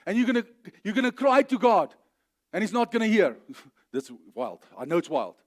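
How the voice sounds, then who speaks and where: Male pastor, South African accent, middle-aged, emphatic church sermon, slightly high voice. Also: big pitch swings, moderate pace. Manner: emphatic, rising to loud declarations then dropping low.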